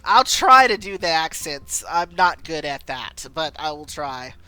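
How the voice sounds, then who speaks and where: A woman's voice: deep voice, sing-song, unhurried, bright, forceful tone, no room sound. A young woman streaming a story game live, chatty and laughing often as she talks to her viewers.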